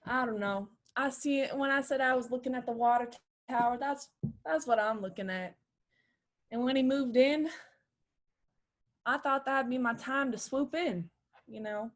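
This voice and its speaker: A woman improvising a flustered young woman who has been pretending to be posh and rich, halting and confessional. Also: high voice, natural voice. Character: poor young woman faking being posh. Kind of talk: improv comedy scene. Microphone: video call.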